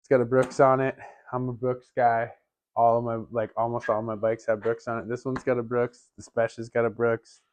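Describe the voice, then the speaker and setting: A man's voice: medium pitch, level tone, normal speed, slight background noise. A man talking casually about his bikes in a home garage vlog, rambling and laughing often. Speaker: bike vlogger.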